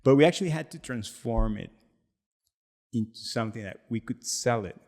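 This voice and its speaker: A man's voice: medium pitch, normal speed. A man co-hosting a podcast, telling a story casually with laughter and acted-out quotes. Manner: animated, laughing, acts out quotes. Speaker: podcast co-host and product founder.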